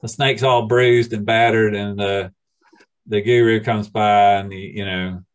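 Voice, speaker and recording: A man's voice: lowish voice, fairly even intonation, unhurried. A man leading a study group, teaching informally with a rambling, hesitant manner and many restarts.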